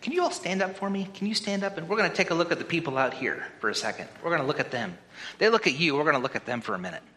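A man's voice: a little high, lively intonation, racing, sharp tone. A man, a pastor giving a playful children's sermon and quizzing the congregation. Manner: playful, chatty, asks the crowd questions. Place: church sanctuary. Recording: long hall reverb.

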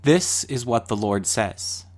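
A man reading scripture aloud in a measured, solemn way. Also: medium pitch, expressive, a little mellow. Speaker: scripture reader.

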